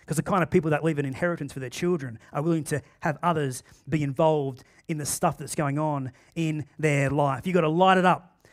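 A man with an Australian accent preaching a sermon in a church, swinging between loud emphatic bursts and quiet asides. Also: a little high. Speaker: pastor. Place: church auditorium.

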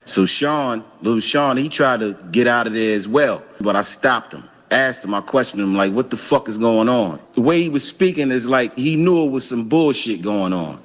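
A man's voice: mid-range voice, normal speed, few pauses. Profane Brooklyn man telling a story. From Brooklyn, New York. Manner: profane, animated storytelling, acting out quotes. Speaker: storyteller recounting an event. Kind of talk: casual spoken recollection.

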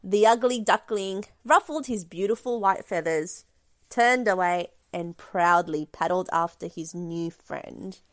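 A woman reading a children's picture book aloud in a gentle, expressive storytelling manner. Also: lowish voice, a little slow, no echo, clean studio sound.

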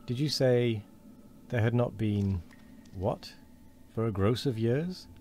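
A man's voice: medium pitch, slow pace, warm tone, a little hiss or hum, lightly acted. A man voicing a puzzled, wary man who asks short, guarded questions.

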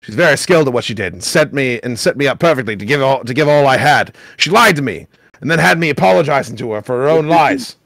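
A man's voice: mid-range voice, expressive, quick pace, vocal fry, fairly bright tone, no echo. A man hosting a comedy show, wryly reading forum posts aloud and laughing at them. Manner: wry, laughs at what he reads. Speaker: host reading internet posts.

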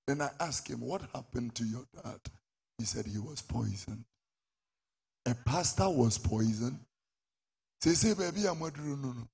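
Raspy, animated Ghanaian preacher man. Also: mid-range voice, measured pace, pauses often. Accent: Ghanaian English. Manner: animated preaching with sudden shouted peaks. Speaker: prophet and preacher. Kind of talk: sermon.

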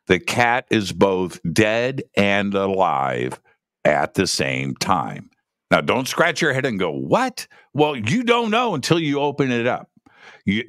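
Slow, animated man co-hosting a chat. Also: lowish voice, dry recording, studio quality. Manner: animated, repeats words while thinking. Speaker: podcast co-host. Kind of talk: casual discussion.

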